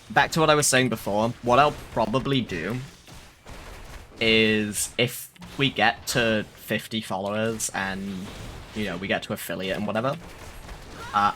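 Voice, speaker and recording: A man's voice: fairly low pitch, sharp tone, slight background noise. A young man chatting casually on a live stream, rambling and swearing with lots of fillers.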